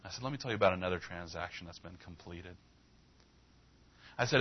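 A male pastor with a low voice delivers a sermon, slipping into a relaxed storytelling tone as he recounts a conversation. He pushes his emphasis higher when he presses a point. The recording is dull and a little lo-fi. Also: normal speed, long pauses. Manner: conversational, retells dialogue with rising emphasis.

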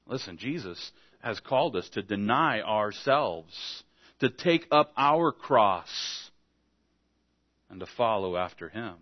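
A man's voice: on the low side, lively intonation, slow pace, lo-fi sound. A man preaching an evening sermon, speaking conversationally and acting out little back-and-forth dialogues to make his points. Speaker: pastor.

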